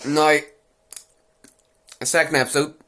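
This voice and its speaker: This young man reviews anime with a slightly high, steady voice, speaking slowly in a fairly bright tone over a little hiss or hum. His casual recap of an episode is a crude, mocking ramble full of repeated phrases.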